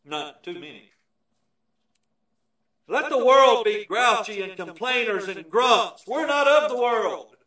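A man preaching a sermon, emphatic and shifting from loud declarations to hushed asides. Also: sits high, expressive, takes it slowly, long pauses. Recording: echoey, from far off the mic.

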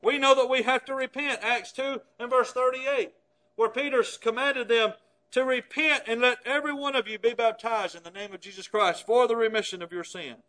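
A man preaching a sermon, stressing words loudly and then dropping to hushed, low phrases. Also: steady tone, moderate pace.

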